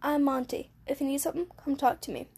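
A shady schoolboy dealer, read by a woman playing a game talks with smooth salesman patter. The voice sits high and has a dark, mellow tone. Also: steady tone, fast talker, close to an everyday voice. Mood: dealing.

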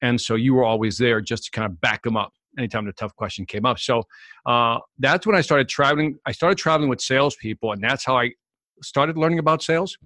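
A man telling stories as a guest in an interview, animated and acting out the people in them. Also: mid-range voice, fairly quick, no room sound, clean studio sound. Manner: animated storyteller, acts out the people in his stories. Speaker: guest, sales expert. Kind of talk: storytelling in a podcast interview.

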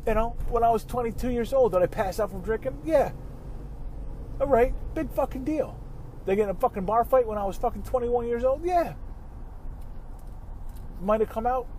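Heated man, somewhat high voice, swearing and rambling from his car, faint road noise. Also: lively intonation, brisk, pauses often, a little mellow. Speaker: vlogger ranting while driving. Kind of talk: casual profane rant. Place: inside a car.

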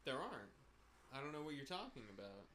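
A man co-hosting a casual podcast, cracking sarcastic deadpan jokes with sudden outbursts. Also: mid-range voice, fast talker. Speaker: podcast co-host.

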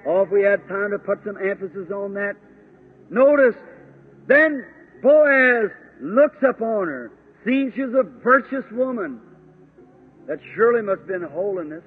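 High, husky old-time preacher on tinny tape. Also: male voice, expressive. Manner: fervent, slow and drawn-out, with exclamations. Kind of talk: sermon.

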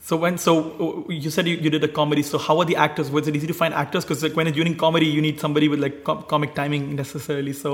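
A man interviewing a guest, asking quick questions between brief backchannel replies. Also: fairly high pitch, little pitch movement, big-room sound. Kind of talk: conversational interview.

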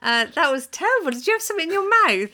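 A woman co-hosting a podcast, briskly leading the segment in casual chat. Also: sits high, sing-song, pushed and bright, a little hiss or hum. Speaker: podcast co-host.

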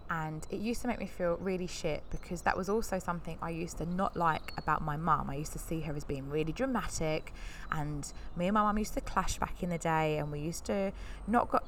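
A woman in her thirties hosting a podcast tells personal stories candidly and at length, rambling in a heartfelt way. Her slightly low voice gets livelier whenever she acts out someone else's words, with a faint room hiss underneath.

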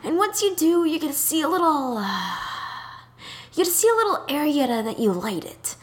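A woman's voice: high voice, very animated, a little fast, pitched above the performer's own voice. A woman voicing an exasperated older male landlord who sighs and gives weary, repetitive instructions.

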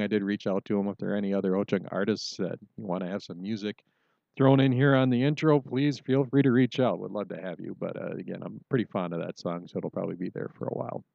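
A low-pitched man teaches a language lesson in a relaxed, conversational way, filling pauses with "um" and slowing right down to sound out example words. The recording is close and dry, with a slightly dull, muffled tone. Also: creaky, dry recording. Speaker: language podcast host. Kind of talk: casual spoken language lesson.

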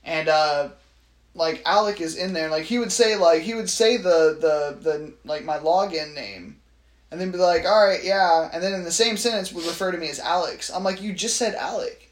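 A man with a noticeably high voice, chatting loosely on a podcast, laughing a lot and swearing freely. His voice sounds roomy and echoey. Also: normal speed. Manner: laughs often, swears casually. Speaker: podcast co-host. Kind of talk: casual chat.

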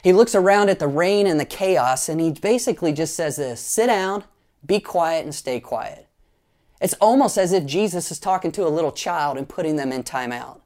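A man preaching a sermon as pastor, telling lively stories with playful asides and leading the congregation in group actions. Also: fairly high pitch, a little fast, hardly any pauses.

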